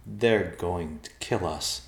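A man's voice: deep voice, lively intonation, normal speed. A man voicing a nervous, polite tall man who hesitates as he talks. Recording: roomy echo.

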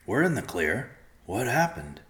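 A man's voice: mid-range voice, very animated, unhurried, a bit bright, roomy sound, voice pushed up. A man voicing a cheeky, hungry young male bear cub in a storybook reading, in a teasing, casual manner. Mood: playful.

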